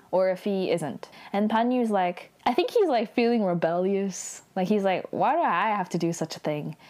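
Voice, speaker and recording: A woman's voice: mid-range voice, darkish tone. Young woman, casual drama recap host, talkative and informal, sprinkles "like" everywhere. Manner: chatty, heavy use of "like", acts out quotes with laughs.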